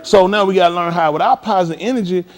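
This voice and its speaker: A man's voice: high-pitched, fast, soft background music. A man coaching a group class, joking and laughing as he runs practice drills. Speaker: class instructor.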